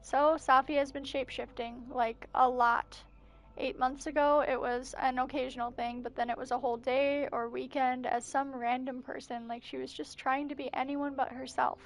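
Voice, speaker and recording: A woman's voice: high voice, little pitch movement, moderate pace, soft background music. A woman streaming a game and reading its messages and journal entries aloud as narration, with breathless asides. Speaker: gameplay streamer. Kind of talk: reading game texts aloud during a playthrough.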